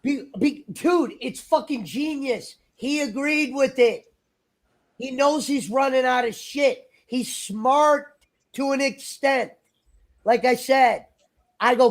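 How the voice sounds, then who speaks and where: A man's voice: extremely high pitch, slow. A man chatting on a livestream in a rambling, argumentative, profane way. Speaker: stream guest. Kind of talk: casual livestream chat.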